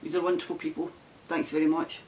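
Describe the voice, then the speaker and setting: A woman's voice: low voice, level tone, fast talker, a little mellow, a little hiss or hum. A woman with a broad Glasgow Scottish accent hosting a knitting podcast, chatting casually to camera with frequent laughs and rambling asides. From Scotland.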